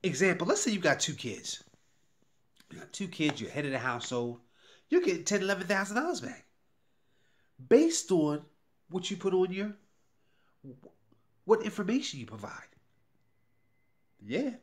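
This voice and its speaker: Worked-up man making an animated sales pitch. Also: normal speed, long pauses. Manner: heated, pleading, repetitive. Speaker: YouTuber promoting a tax service. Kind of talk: direct-to-camera sales pitch.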